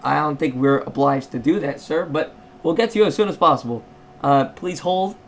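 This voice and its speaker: A mild-mannered male clerk as a man plays him answers the phone in a calm, polite customer-service voice. His delivery stays even and unbothered, part of a quick comic bit in a home video. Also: fairly high pitch, a little hiss or hum, lightly acted.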